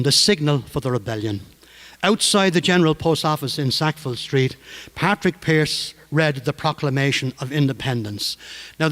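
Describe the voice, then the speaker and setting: A male storyteller on stage, narrating in a measured, dramatic way. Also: fairly high pitch, fairly bright tone. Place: stage performance. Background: guitar.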